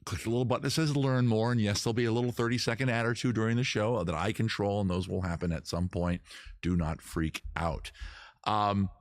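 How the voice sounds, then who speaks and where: A man's voice: lowish voice, steady tone, fairly quick, no room sound, clean studio sound. A man hosting his own live stream, chatting casually to viewers with jokey, self-mocking asides. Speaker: streamer host.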